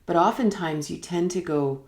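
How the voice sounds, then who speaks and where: A woman giving a reflective spiritual teaching in a live online session, musing and unhurried, sometimes dropping almost to a whisper. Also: lowish voice, darkish tone. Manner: unhurried, musing, drops to near-whispers at times. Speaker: meditation teacher. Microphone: live online broadcast.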